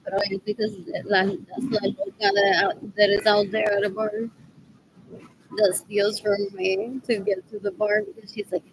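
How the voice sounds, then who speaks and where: A woman's voice: medium pitch, normal speed, background noise. A woman talking alone to camera in a drifting, repetitive monologue, slipping in Spanish phrases. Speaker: vlogger. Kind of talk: rambling monologue.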